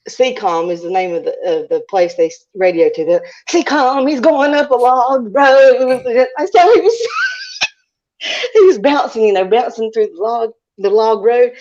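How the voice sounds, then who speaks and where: A woman telling a story on a casual live call-in stream. She is animated, laughs often and acts out what she said. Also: medium pitch. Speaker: panelist. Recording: muffled stream audio.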